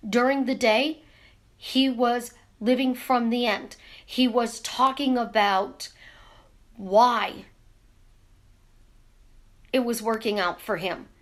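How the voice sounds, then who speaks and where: A woman coaching her viewers in a casual live stream, talking with her hands and firing off rhetorical questions. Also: a little high. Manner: animated, talks with her hands, asks rapid rhetorical questions. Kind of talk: casual teaching monologue. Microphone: camera in front of her.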